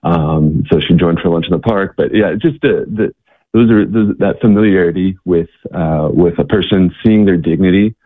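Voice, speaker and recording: A man's voice: low-pitched, normal speed. A man telling a story as a guest, hesitant, with many fillers and restarts. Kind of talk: storytelling in conversation. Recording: tinny phone line.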